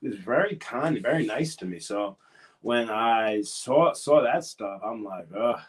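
A man's voice: medium pitch, animated, unhurried. A man wrestler recalling things hesitantly in an interview. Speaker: wrestler guest. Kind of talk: casual interview talk.

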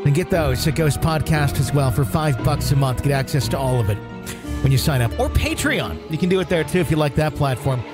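A man's voice: a little high, lively intonation, brisk, loud music behind the voice. A man co-hosting a paranormal podcast, chatting casually with dry jokes. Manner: joking, dry humor. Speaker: podcast co-host.

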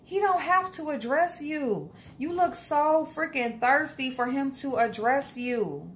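A woman's voice: sits high, expressive, unhurried, slight background noise. A young woman, giving a blunt, scolding, profane commentary rant in a casual vlog. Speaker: commentary vlogger.

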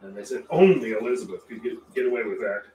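A man's voice: mid-range voice, expressive, fast, warm tone, recorded from a distance. A man chatting casually while he paints on a livestream, rambling with frequent restarts and chuckles. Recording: roomy echo, voice a little off-mic, faint room noise.

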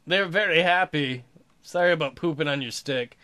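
A man hosting a let's play of a video game, excitable, laughing and swearing as he plays. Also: high-pitched, moderate pace. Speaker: gaming channel host.

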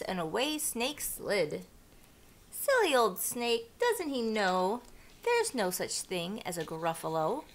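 Woman teacher, children's story read-aloud, slow, very animated pitch. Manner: slow, expressive, asks listeners questions.

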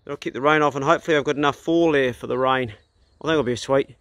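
A man's voice: medium pitch, fast, a bit bright, dry recording. A middle-aged man with a New Zealand accent, telling jokes and chatting casually in an outdoor vlog as he works on a house truck. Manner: folksy storyteller, drops into put-on voices for joke characters. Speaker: vlogger.

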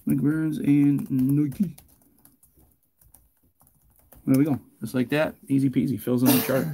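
A man hosting a live card break, chatting casually and joking, getting loud and excited. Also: medium pitch, normal speed, creaky. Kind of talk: live stream break commentary.

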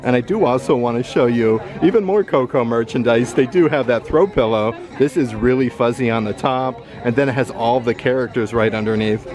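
A man's voice: medium pitch, a little fast, hardly any pauses, darkish tone. Upbeat man vlogging a store walkthrough. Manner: upbeat, describing items and prices. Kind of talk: casual shopping vlog narration. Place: shopping outlet store.

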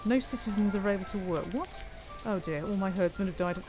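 A woman's voice: medium pitch, a little fast, music in the background. A woman, chatting playfully while streaming a city-building game live, thanking viewers and talking to herself as she plays. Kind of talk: live-stream gameplay commentary.

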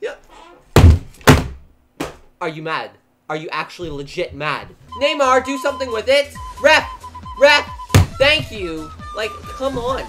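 Excitable swearing young man gaming. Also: extremely high pitch, slow, long pauses. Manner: excitable, swears a lot, swings from muttering to yelling. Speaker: gaming YouTuber. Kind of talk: live gameplay commentary. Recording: game music loud behind voice.

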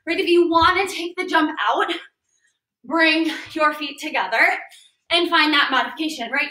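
A woman's voice: high voice, pushed and bright. A young woman leading a bodyweight workout class, coaching moves and counting down reps in an upbeat, encouraging way. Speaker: fitness trainer. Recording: echoey room, voice a bit distant.

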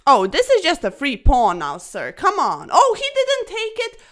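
A woman chess streamer giving casual, excitable commentary over fast games, chatty and a little breathless, tacking "sir" onto her sentences. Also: sits high. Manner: excitable, chatty, keeps saying "sir", laughs often.

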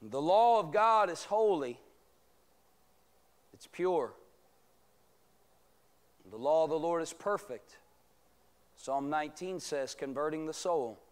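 A man's voice: a little high, animated, slow, pauses often. A man teaching a church Bible study, preaching emphatically and drawing out amens from the congregation. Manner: emphatic, rhetorical preaching with calls of amen. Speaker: pastor. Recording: church sanctuary recording.

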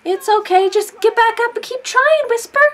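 A woman's voice: very high voice, normal speed, a bit bright. A woman giving chatty let's play commentary, talking to the characters on screen. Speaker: gamer.

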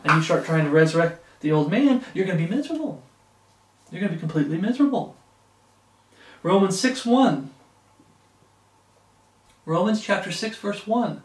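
A man's voice: sits high, expressive, normal speed, pauses often, roomy sound, recorded from a distance. A man preaching a sermon in a fervent way, climbing into emphatic bursts as he presses his points.

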